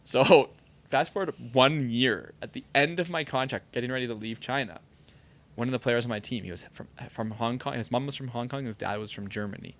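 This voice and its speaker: A former pro soccer player, now chatting casually in a podcast studio, tells animated stories at a medium pitch and a slightly fast pace, leaning heavily on the word "like."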